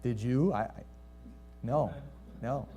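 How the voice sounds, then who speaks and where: A husky-voiced pastor at medium pitch preaches slowly, telling a story and asking his congregation rhetorical questions. His tone swings from lively climbs to quiet, hushed lows.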